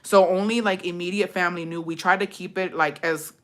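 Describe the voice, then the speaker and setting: A woman's voice: on the low side, brisk. A young woman telling a story in a casual vlog, swearing freely and acting out the voices of the people in it. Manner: profane, animated storytelling, drifts into Spanish words.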